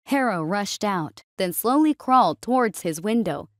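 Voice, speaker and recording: A woman reading a science fiction story aloud in a steady, even storytelling voice. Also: fairly low pitch, normal speed, hardly any pauses, no room sound, clean studio sound. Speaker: narrator. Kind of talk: scripted story narration.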